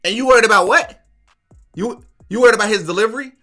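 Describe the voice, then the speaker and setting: High bright man ranting indignantly. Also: fast, soft background music. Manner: indignant, rhetorical questions. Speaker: commentary channel host. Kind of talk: reaction commentary.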